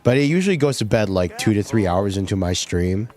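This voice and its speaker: Young man, streamer, low voice, joking casual commentary. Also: expressive, brisk, darkish tone. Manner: joking, laughs often, says like a lot.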